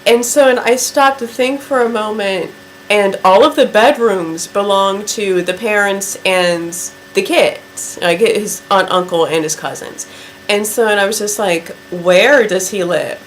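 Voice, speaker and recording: A woman vlogger telling a story to camera in a chatty, drawn-out way, with many "like" fillers. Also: medium pitch, slight background noise, rough recording.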